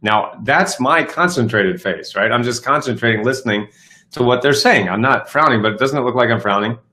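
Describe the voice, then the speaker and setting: A man's voice: medium pitch, moderate pace, bright, forceful tone. A middle-aged man hosting a self-help live show, talking casually and upbeat with many fillers and restarts. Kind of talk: casual live-stream talk.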